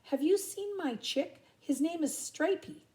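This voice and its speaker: A woman's voice: very high-pitched, expressive, measured pace, darkish tone, pitched above the performer's own voice. A grandmother voicing a frantic male emu father who keeps calling out in a raised, urgent voice.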